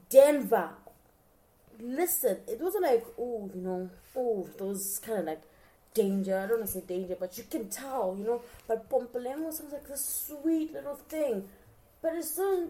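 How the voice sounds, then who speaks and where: A woman talking casually as a podcast host, chatty and expressive, often addressing her listeners directly. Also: a little high, slight background noise. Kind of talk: casual show recap chat.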